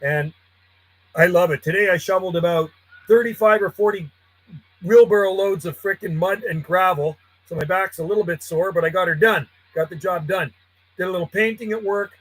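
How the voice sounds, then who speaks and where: A man's voice: high-pitched, brisk, low-quality recording. A man, a friendly and chatty CB radio operator calling out call signs from his home radio room. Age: 50s. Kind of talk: casual radio calls and chat.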